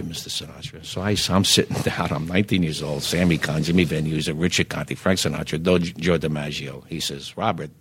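An older man, a singer guest telling lively anecdotes in casual chat, stammering on restarts and acting out other people's lines. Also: deep voice, slightly rough. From Philadelphia. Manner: animated anecdotes, acts out quoted voices, stammers restarts.

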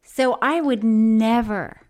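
A woman's voice: a little high, slow, darkish tone. A woman co-hosting a casual chat show, teasing and laughing as she talks. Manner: teasing, laughs often, stumbles over names. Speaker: podcast co-host.

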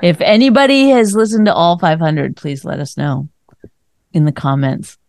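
A woman's voice: on the low side, normal speed, a little mellow, no echo. A woman co-hosting a comedy podcast, trading dry, sarcastic jabs in casual banter. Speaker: podcast co-host.

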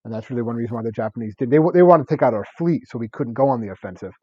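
A man's voice: mid-range voice, lively intonation, racing, husky, dry recording, highs cut off. A man in his thirties co-hosting a casual history podcast, rambling and laughing as he talks. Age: 30s. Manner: rambling, laughs often, stacks fillers. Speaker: podcast co-host.

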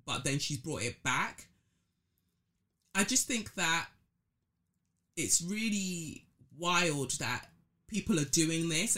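Bright-voiced woman musing aloud. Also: low-pitched. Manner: reflective, thinking aloud with many fillers. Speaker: podcast host. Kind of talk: casual solo commentary.

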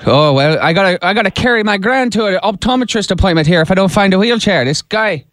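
A man's voice: high voice, expressive, fast talker, a bit bright, pitched above the performer's own voice. A man putting on an Irish accent, playing a rambling prank caller searching for a relative. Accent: put-on Irish. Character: fake Irish man hunting his brother-in-law.

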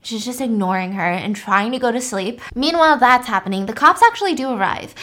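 A woman's voice: fairly high pitch, animated, a little fast, fairly bright tone. Chatty young woman telling a story. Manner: chatty, lots of "like", acts out quotes. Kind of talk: casual storytelling.

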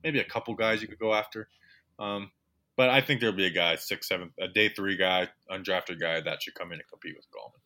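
A man co-hosting a casual sports podcast, animated and repeating himself as he talks. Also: low voice, brisk. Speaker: podcast co-host.

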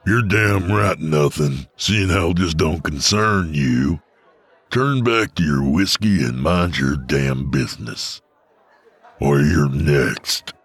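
A man voicing a menacing gunslinger killer with a gravelly voice. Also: very deep voice, takes it slowly, exaggerated voice. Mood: snarling. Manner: threatening, snarling.

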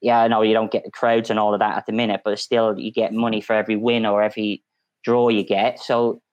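A man's voice: fairly low pitch, quick pace, dry recording, highs cut off. Man telling a football story, dry sound. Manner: storytelling, animated, many restarts. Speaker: football journalist panelist. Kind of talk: casual podcast chat.

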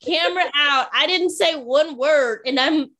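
A high-pitched woman co-host tells a story in casual chat. She is animated and puts on quick voices for the people in it. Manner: animated, acts out quotes from others. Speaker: podcast co-host.

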